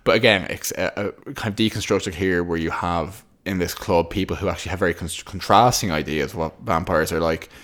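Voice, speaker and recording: A man's voice: low-pitched, fairly quick, hardly any pauses, fairly bright tone. A man co-hosting a podcast, chatting casually and rambling with many restarts. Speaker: podcast co-host. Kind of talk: casual chat.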